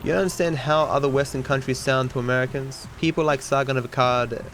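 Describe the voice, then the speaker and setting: Fast and fairly bright, his medium-pitched voice holds a steady tone. The speaker, a twenty-something Australian streamer and speedrunner, rambles and swears freely while casually talking to his chat during play.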